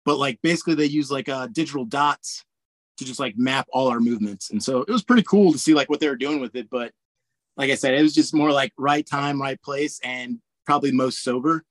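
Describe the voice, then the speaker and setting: A man in his forties from Indiana, an army pilot, telling stories in a relaxed, chatty way full of fillers and frequent laughs. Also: mid-range voice, brisk, no echo. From Indiana, USA. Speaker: guest, army warrant officer pilot. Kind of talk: casual storytelling interview.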